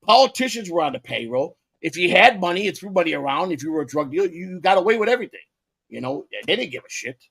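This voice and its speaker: Older man, gravelly fry, stammers and swears through long stories. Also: high voice, very animated, quick pace, fairly bright tone. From Chicago. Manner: rambling, profane, many stammered restarts. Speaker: guest storyteller. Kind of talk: casual podcast chat.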